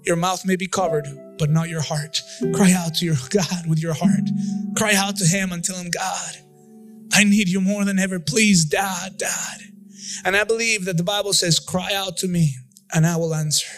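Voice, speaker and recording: High-voiced impassioned preacher. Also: male voice, steady tone, moderate pace. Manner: impassioned, repeating phrases, half-singing lines. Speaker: pastor. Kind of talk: sermon and altar-call prayer. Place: church. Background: instrumental music.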